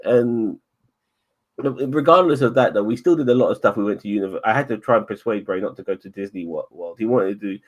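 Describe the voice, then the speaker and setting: A man's voice: lowish voice, a little fast. A man chatting casually as podcast co-host, rambling, swearing a lot and stumbling over repeated words. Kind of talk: casual chat.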